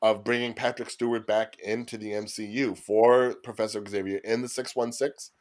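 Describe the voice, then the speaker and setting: A man co-hosting a podcast, asking long, drawn-out hypothetical questions in casual chat. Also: fairly low pitch, level tone, a little mellow. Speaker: podcast co-host.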